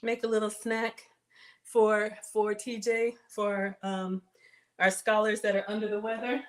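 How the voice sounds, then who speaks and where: A middle-aged woman, hosting a casual cooking livestream, chatty and excitable, talking straight to her viewers. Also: mid-range voice, unhurried. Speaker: home cook livestream host.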